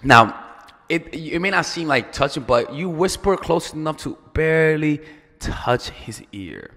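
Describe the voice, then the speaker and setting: A man's voice: a little high, big pitch swings, unhurried, pushed and bright, long reverb tail. A man giving casual dating advice as a coach, chatty and profane, repeating words and joking as he goes.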